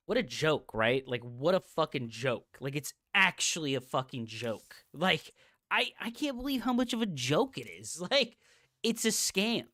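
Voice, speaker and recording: A woman's voice: deep voice, sing-song, measured pace, fairly bright tone, no room sound. A woman game streamer on a livestream, ranting in a profane, exasperated, mocking way and repeating her jabs. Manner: mocking, repetitive. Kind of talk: livestream rant.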